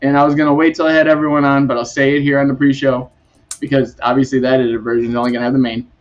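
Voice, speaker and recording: A man's voice: mid-range voice, flat delivery, racing, muffled recording. A man hosting a casual podcast chat, rambling and laughing often. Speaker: podcast host.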